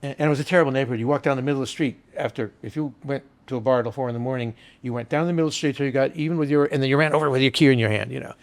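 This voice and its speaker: Gravelly older man telling rambling stories. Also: medium pitch, rapid-fire, hardly any pauses. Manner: rambling anecdotal storyteller, casual and earthy. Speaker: bartender guest. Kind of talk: storytelling interview chat.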